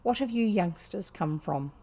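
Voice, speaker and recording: A woman's voice: mid-range voice, lively intonation, measured pace, warm tone, slightly rough. A woman voicing a kindly, fatherly male water rat who reassures lost young animals, in a storybook reading.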